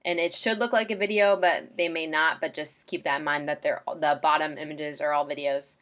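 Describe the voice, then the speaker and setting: Low-voiced woman giving a chatty walkthrough. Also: fairly even intonation, fairly quick, a bit bright. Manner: chatty, loose, full of ums and likes. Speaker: template designer walking a client through templates. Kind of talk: casual screen-share tutorial.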